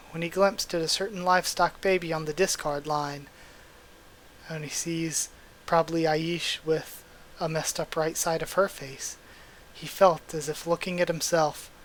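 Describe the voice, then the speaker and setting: A man reading a manga aloud and reacting as he goes, excitable and swearing, with bursts of astonishment. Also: on the high side, rough recording. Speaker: manga readthrough host.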